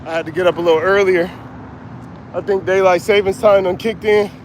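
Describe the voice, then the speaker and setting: A man's voice: high voice, steady tone, fairly quick. A middle-aged man who is out of breath, talking casually on an outdoor livestream as a motivational coach and chatting with viewers by name. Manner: casual, reads out viewer names. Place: outdoors by a street. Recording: faint street noise outdoors. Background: traffic.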